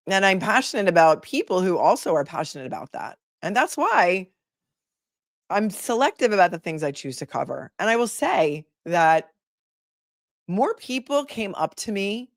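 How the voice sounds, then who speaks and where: A woman attorney hosts a casual livestream in a medium-pitched voice, recorded at studio quality with no echo. Older than her peers, she calls herself the old lady of the group, and she chats and rambles with many fillers and restarts while reading viewer comments aloud.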